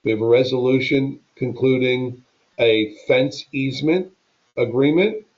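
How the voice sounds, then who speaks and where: A man's voice: mid-range voice, unhurried, a little mellow. A man reading his monthly report at a public meeting, listing items one by one. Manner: lists items plainly. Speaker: staff member giving monthly report. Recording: dull lo-fi meeting audio.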